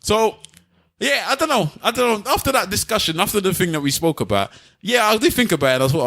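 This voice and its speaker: Dude on a podcast, defensive, quick, stumbles and restarts a lot. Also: male voice, high-pitched, big pitch swings, sharp tone. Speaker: podcast co-host. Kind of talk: heated personal argument.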